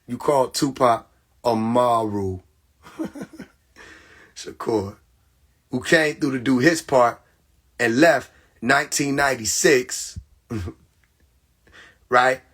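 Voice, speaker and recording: A young man hosting a casual livestream, talking emphatically with laughter, repetition and profanity, his voice hoarse. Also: mid-range voice, slow pace, long pauses, a bit bright. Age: young adult. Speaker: livestream host. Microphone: phone.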